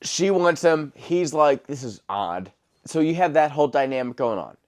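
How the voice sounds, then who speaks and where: A man's voice: on the high side, moderate pace. A man co-hosting a film review podcast in casual chat, swearing often and acting out scenes from the movie. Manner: profane, animated, cracks up, acts out quotes.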